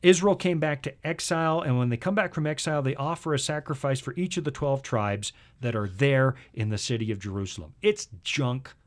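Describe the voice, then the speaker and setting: A man's voice: medium pitch, brisk, few pauses. A man hosting a casual Bible talk show, joking around and then lecturing firmly on history and scripture. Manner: jokey, lively storyteller who lectures with conviction. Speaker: host.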